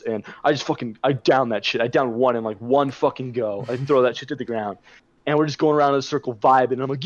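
Speaking at a quick pace in a mid-range voice, a young podcast co-host swears a lot while telling a rambling party story. The casual chat comes through as a muffled, dry recording.

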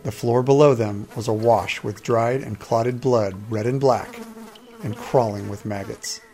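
A man narrating a first-person fantasy story in a steady, measured storytelling manner. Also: mid-range voice, a little hiss or hum.

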